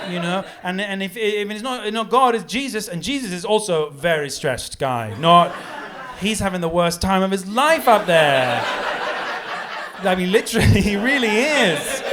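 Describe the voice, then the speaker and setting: A man doing a rambling stand-up comedy set, animated and giggling at his own jokes. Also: high voice, moderate pace, very noisy. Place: pub comedy room with live audience. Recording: live audience laughter and applause.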